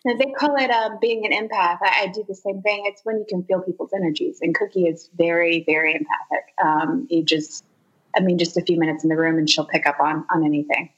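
A woman from Zimbabwe, a voice actor and podcast guest, chatting in an animated way and laughing easily. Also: fairly low pitch, fairly quick, muffled recording. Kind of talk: casual interview.

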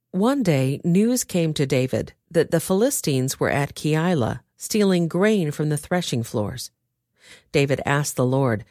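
A woman narrating a dramatized scripture reading with expressive storytelling. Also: deep voice, measured pace, no room sound, clean studio sound.

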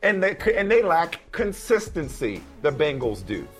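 A man's voice: a little high, very animated, unhurried, a bit bright, faint music behind. A man hosting a sports talk show, arguing his points emphatically and often repeating himself. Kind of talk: sports debate.

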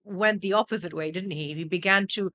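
A man with a high, bright voice hosts an interview. He asks his questions in a polite, measured way. His tone has a clear, forward edge. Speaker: podcast host.

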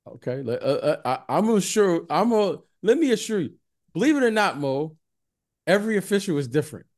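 Animated man telling sports stories. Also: high voice, a little fast. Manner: animated storyteller, repeats the host's name, acts out friendly greetings. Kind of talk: casual sports chat.

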